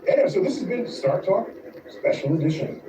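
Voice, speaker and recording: A man hosting a casual chat, explaining things with emphatic, drawn-out stresses. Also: high-pitched, big pitch swings. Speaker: host. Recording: echoey room, far from mic, noisy, dull.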